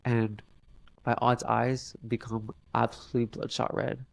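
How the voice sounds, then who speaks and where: Gravelly-voiced young man telling a story. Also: medium pitch, level tone, dry recording. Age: young adult. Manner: halting, many fillers and restarts. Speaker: podcast guest. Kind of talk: casual storytelling interview.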